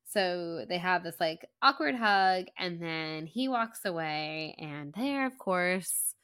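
Low-voiced chatty woman podcaster. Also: expressive, takes it slowly, a bit bright, smooth, no room sound, clean studio sound. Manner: chatty retelling of the chapter, peppered with "like". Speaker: book club podcast co-host. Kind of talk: casual chat.

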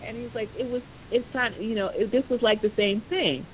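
Casual podcast storyteller, rambling with lots of asides, over a thin phone line with a low rumble behind. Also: brisk. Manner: rambling, full of "you know" asides. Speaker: podcast speaker.

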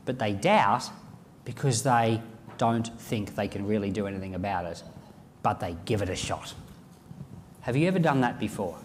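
A man preaching a sermon, reading scripture aloud and acting out the lines of imagined speakers in an animated way. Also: fairly low pitch, moderate pace, pauses often, big-room sound, a little hiss or hum.

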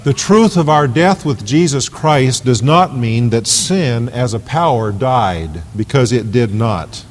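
A man's voice: medium pitch, animated, takes it slowly, hardly any pauses. A man preaching an evening sermon as pastor, emphatic, repeating phrases for stress. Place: church sanctuary. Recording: long reverb of a large hall.

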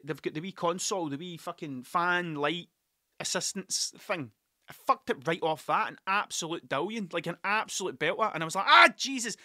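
A man's voice: a little high, sharp tone, no echo, studio quality. A man, the podcast's host, telling a rambling, sweary and self-mocking story in casual monologue into a desk mic.

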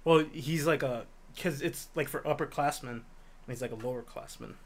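A man's voice: medium pitch, normal speed, creaky, slight background noise. A young man co-hosting a casual podcast chat, joking, swearing a lot and mimicking people. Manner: profane, joking, does mocking impressions. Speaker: podcast co-host.

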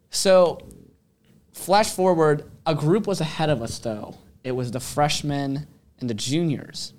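A teenage boy co-hosting a podcast in casual chat, telling stories animatedly and acting out quotes loudly. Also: medium pitch. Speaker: podcast co-host.

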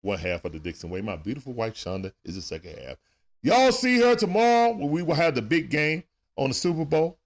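A man hosting a sports talk livestream, giving casual play-by-play as he watches a game, shouting at big plays and greeting viewers. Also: medium pitch, huge pitch swings, a little fast. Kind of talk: live play-by-play watch-along commentary.

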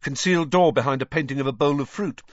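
An actor voicing a mischievous teenage prankster twin who talks in a teasing, jokey way, in a dry, slightly dull studio recording. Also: male voice, mid-range voice, fast talker, no echo, voice pushed up, lightly acted.

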